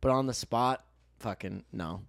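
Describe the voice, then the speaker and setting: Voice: medium pitch, a little slow, vocal fry, no room sound. A podcast host in casual chat, rambling through many fillers and swearing freely.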